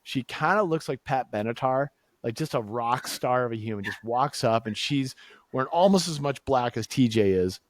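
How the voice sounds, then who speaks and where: A man's voice: medium pitch, expressive, moderate pace, dry recording. A man, telling a story on a podcast in a casual way and acting out the dialogue with big jumps in his voice. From Massachusetts, USA. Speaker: co-founder telling the company story.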